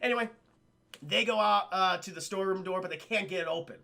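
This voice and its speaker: This is a man with a high, gravelly voice and a bright, forceful edge, talking his way through a film recap for a live chat. He swears freely, calls out to the chat, and snaps into quick impressions of the characters as he goes. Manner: animated, acts out characters' lines in quick changes of voice; swears a lot and keeps addressing the chat. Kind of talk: casual, profane scene-by-scene film recap.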